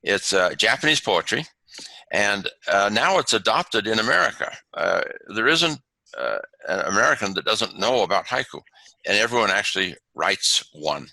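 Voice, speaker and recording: Gravelly guy teaching over a video call, lots of ums, bright edgy tone, lively pitch. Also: no room sound, rough recording. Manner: halting, many fillers and restarts. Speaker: webinar presenter on haiku. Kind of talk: lecturing over slides.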